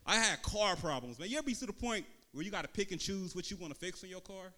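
A man with a Bay Area accent doing a stand-up comedy set on a club stage, telling loose, slangy stories and slipping into quick quoted voices. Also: high voice, animated, bright, forceful tone. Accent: Bay Area Californian. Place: comedy club stage before a live audience.

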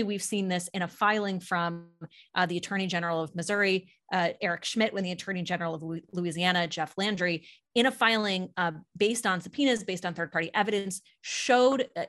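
A lower-pitched woman on a political panel show, building her argument point by point. She talks briskly, with a sardonic edge. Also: a bit bright. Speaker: political podcast co-host. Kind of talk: opinionated panel discussion.

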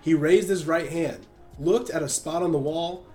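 A man narrating a short story in a measured, even reading. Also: a little high, faint music behind.

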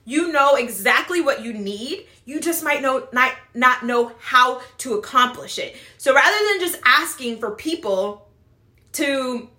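High bright mom vlogger lady, chatty advice, keeps saying right?, echoey room. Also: lively intonation, a little slow. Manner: chatty, repeats "right?" and "blah, blah, blah"; acts out quoted voices. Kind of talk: casual advice talk to camera.

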